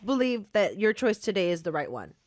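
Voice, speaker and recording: A woman's voice: mid-range voice, sing-song, brisk, dry recording. A woman hosting a podcast in a chatty, casual way, running the show's segments. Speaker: podcast host. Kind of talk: casual chat.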